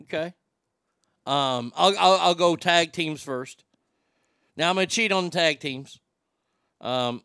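A man's voice: mid-range voice, a bit bright, smooth, dry recording, clean studio sound. A man hosting a podcast in a casual, rambling style, emotional and swearing freely. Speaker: podcast host. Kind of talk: casual chat.

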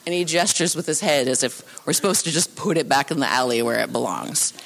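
A woman telling a true story live on a theatre stage into a microphone, animated and acting out the voices of the people in it. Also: deep voice, brisk. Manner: animated, acts out voices and sounds.

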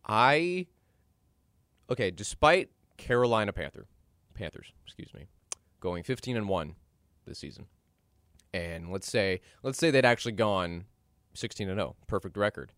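Animated ranting man, low voice. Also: normal speed, dry recording, studio quality. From Dallas. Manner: animated, ranting, jumps in pitch when worked up. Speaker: podcast host. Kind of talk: opinionated solo commentary.

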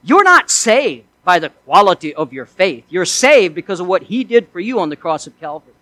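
A man's voice: sits high, sing-song, moderate pace, pushed and bright, no echo, rough recording. A male pastor preaching a sermon in an earnest way, asking his listeners one rhetorical question after another.

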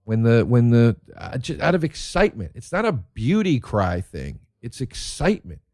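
A man's voice: mid-range voice, sing-song, moderate pace, darkish tone, no echo, clean studio sound. A man telling rambling, profane stories in a casual monologue, easily worked up about the things he loves.

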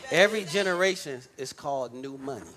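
A male pastor delivering a lively sermon, stressing points and calling out to the congregation for response. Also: mid-range voice, fairly quick, some chatter behind, slight background noise. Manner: emphatic call-and-response preaching.

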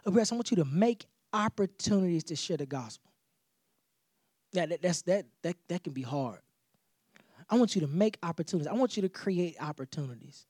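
A man's voice: high-pitched, brisk, slightly rough, dry recording, clean studio sound. A man preaching a sermon as pastor, talking in a loose conversational way, repeating himself and acting out little dialogues. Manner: animated, conversational preaching with repetitions and acted-out dialogue.

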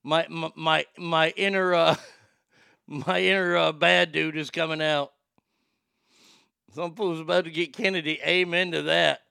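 A man's voice: fairly high pitch, flat delivery, measured pace, vocal fry, long pauses, pushed and bright, smooth, no echo, clean studio sound. A man hosting a show and ranting in blunt, profane commentary, acting out quoted exchanges. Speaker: podcast host.

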